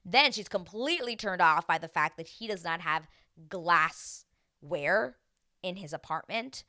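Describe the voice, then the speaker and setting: A young woman talks through a reality-show recap in a loose, gossipy way, slipping into other people's lines and cursing casually. Her voice sits a little low but comes out crisp and bright. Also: lively intonation, a little slow. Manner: chatty, acts out quotes, swears casually. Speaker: TV recap host.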